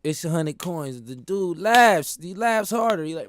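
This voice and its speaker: A man telling stories in a casual monologue, animated and laughing, using slang. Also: a little high, normal speed, hardly any pauses, dry recording, clean studio sound. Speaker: host.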